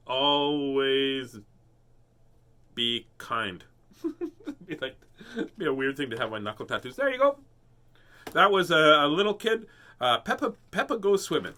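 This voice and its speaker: A man's voice: on the high side, pushed and bright. A man hosting a casual children's book read-aloud, playful and jokey, laughing often and chatting between pages. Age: adult parent. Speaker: host reading children's books.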